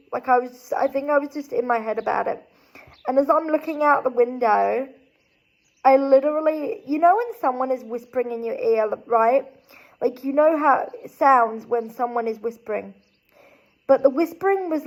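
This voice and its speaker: A woman's voice: fairly high pitch, low-quality recording. A young woman vlogger telling a spooky personal story in a chatty, rambling way with lots of asides. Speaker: tarot vlogger. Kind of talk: casual storytelling to camera.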